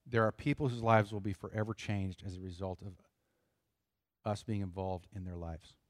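A middle-aged man preaching a sermon in an earnest, conversational way, pausing for emphasis. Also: lowish voice, fairly even intonation, no echo, studio quality. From United States. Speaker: pastor.

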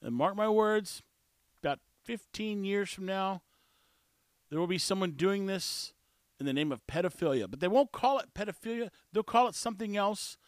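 A man's voice: high-pitched, expressive, moderate pace, dry recording, clean studio sound. A man hosting a podcast, giving blunt, sarcastic casual commentary on a clip he plays. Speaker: podcast host.

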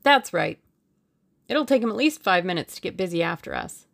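A woman voicing a bold young man, speaking in a brisk, laconic, breezy way. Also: medium pitch, expressive, creaky, fairly bright tone.

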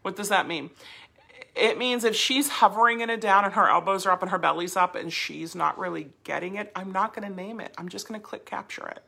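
A woman teaching a dog training class, explaining commands in a lively, chatty way with playful voice demonstrations. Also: mid-range voice, fairly quick, vocal fry, husky.

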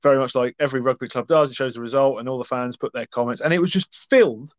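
Man, podcast co-host, rapid speech, sweary blunt banter, dry dull lo-fi sound. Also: medium pitch, no room sound. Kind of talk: casual sports chat.

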